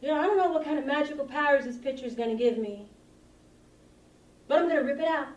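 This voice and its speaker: A woman talks quickly in a high, natural voice, playing a lonely, awkward seventh grader who rambles and giggles self-consciously in a confessional monologue. It's recorded on a camcorder mic from a distance, so the sound is lo-fi and roomy.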